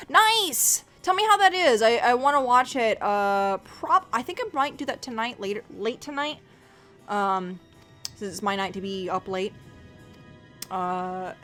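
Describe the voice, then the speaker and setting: A woman streamer talks through her game in a loose, rambling way, swearing freely and turning animated when she mimics other people. Her voice sits at a middling pitch for a woman. Game music plays faintly behind her. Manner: rambling, profane, animated, acts out quoted voices. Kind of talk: casual live-stream chat while playing.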